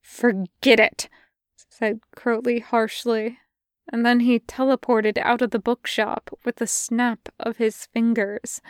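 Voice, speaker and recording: A woman narrating a fan fiction audiobook in a measured, intimate way, close to the mic. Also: a little high, flat delivery, darkish tone, clean tone, dry recording. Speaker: podfic reader.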